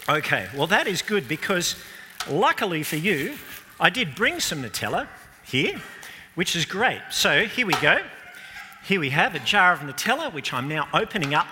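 Animated man in an echoey hall. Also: on the high side, a little hiss or hum. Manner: animated, chatty, jokey, asks the audience questions. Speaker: children's talk presenter at church. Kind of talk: playful children's talk.

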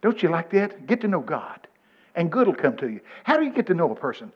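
A man, preaching a sermon in a folksy, animated storytelling way, quoting scripture. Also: medium pitch, fast talker, lo-fi sound. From Texas. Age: 70s.

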